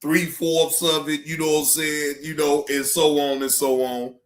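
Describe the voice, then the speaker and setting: A man's voice: a little high, little pitch movement, normal speed, reverberant. A man hosting a livestream in casual chat, rambling loosely with slang and swearing as he talks to his chat. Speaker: livestream reaction host.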